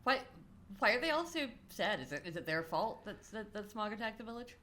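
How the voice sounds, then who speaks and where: A woman co-hosting a podcast, tossing out quick quips and questions while watching a movie. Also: mid-range voice, very animated, crowd noise. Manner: quick-quipping, questioning and giggly. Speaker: podcast co-host. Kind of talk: casual movie commentary chat. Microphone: podcast mic.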